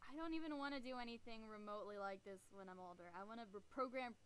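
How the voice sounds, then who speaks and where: A teenage girl commenting on her gameplay, excitable and exasperated, with sarcastic remarks. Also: on the high side, fast talker, clear, resonant tone, poor audio. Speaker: gamer. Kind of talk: let's play commentary.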